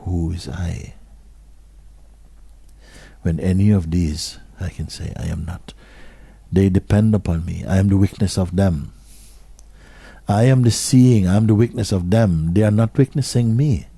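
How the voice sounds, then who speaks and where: A man as a spiritual teacher giving a slow, questioning talk to an audience, repeating short phrases and sometimes dropping almost to a whisper. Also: low voice, creaky, dark tone, slightly rough, no room sound.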